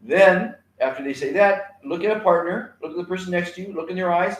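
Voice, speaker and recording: A man's voice: sits high, fairly quick, few pauses, reverberant, rough recording. A man teaching a kindness class alone on a live stream, rambling with many fillers and repeated words.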